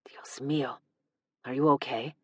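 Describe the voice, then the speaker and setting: A woman narrator voicing a gentle gray-haired older father with a soft Spanish accent and a soothing way of speaking. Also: rumbling low, normal speed, no echo. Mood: tender.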